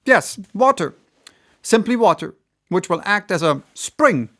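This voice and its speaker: A man voicing an excitable, absorbed man of science in an audiobook, exclaiming his discoveries. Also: high voice, measured pace, pitched above the performer's own voice, full character voice. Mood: excited.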